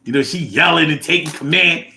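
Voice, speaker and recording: A man hosting a casual livestream, reading viewer comments aloud and reacting with animated, chat. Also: fairly quick, gravelly. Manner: animated, drops to low mumble reading comments.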